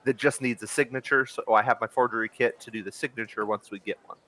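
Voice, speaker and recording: A man's voice: mid-range voice, steady tone, fast talker, bright, forceful tone. A man explaining his moves as a player in a tabletop game, matter-of-fact. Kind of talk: casual tabletop game talk.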